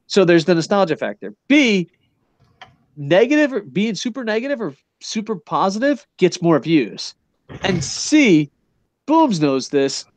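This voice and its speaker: A middle-aged man hosting a casual podcast, talking in long, rambling runs full of swearing and fillers. His voice sits a little high, and the recording is dry and close. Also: big pitch swings, measured pace, no room sound. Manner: rambling, profane, enthusiastic, lots of "you know what I mean". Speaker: podcast host. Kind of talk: casual wrestling podcast chat. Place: Japan.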